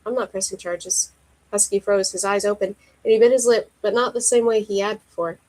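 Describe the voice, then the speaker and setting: A woman reading her own romance story aloud in a steady, even voice. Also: mid-range voice, a little fast, low-quality recording.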